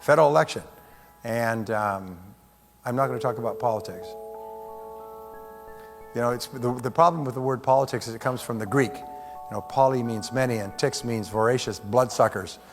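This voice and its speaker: A man's voice: medium pitch, normal speed, pauses often. Man, motivational seminar speaker, wisecracking, long hall reverb, faint music underneath. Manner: joking, rallies the audience to repeat phrases. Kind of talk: live seminar talk to an audience.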